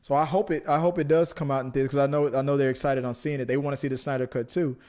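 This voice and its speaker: A man's voice: medium pitch, fairly even intonation, rapid-fire, a little mellow. A man co-hosting a movie podcast, chatting casually with many restarts and jokes. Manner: rambling, many restarts, jokey. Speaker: podcast co-host. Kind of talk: casual chat.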